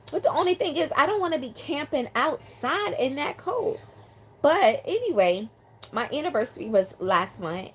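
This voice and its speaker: Recorded on a phone or handheld mic with a little background noise, a medium-pitched older woman chats on her live stream at home in South Carolina. Originally from New York City, the line dance teacher reads out viewer comments casually, with many ums.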